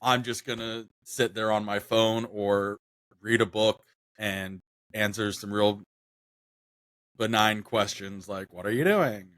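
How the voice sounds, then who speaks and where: A man's voice: fairly low pitch, flat delivery, takes it slowly, long pauses, fairly bright tone, clean tone, dry recording, studio quality. A young man chatting casually on a podcast, rambling with lots of fillers and restarts. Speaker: podcast co-host.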